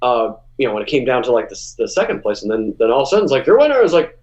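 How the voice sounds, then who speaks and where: A man, a musician guest, telling stories in a casual interview, animated and full of restarts, jumping high when he acts out what people said. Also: rapid-fire, dull audio.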